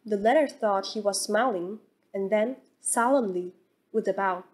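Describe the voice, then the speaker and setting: A woman narrating a classic novel as an audiobook reader, in a calm, even storytelling manner. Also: mid-range voice, unhurried, rough recording. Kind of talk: scripted narration.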